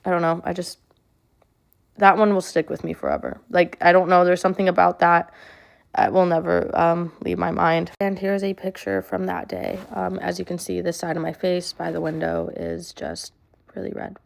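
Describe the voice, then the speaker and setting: A young woman telling a personal story to camera in a flat monotone, halting and full of fillers. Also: lowish voice, gravelly. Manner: halting, with many fillers and restarts. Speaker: social media creator.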